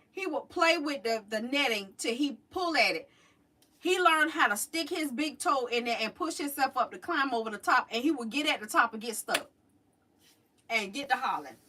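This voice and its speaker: Chatty woman, bright and slightly distant. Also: a little high. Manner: chatty and animated, drawls out fond memories. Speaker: livestream host. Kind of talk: casual storytelling to a live chat. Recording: voice a little distant from the mic.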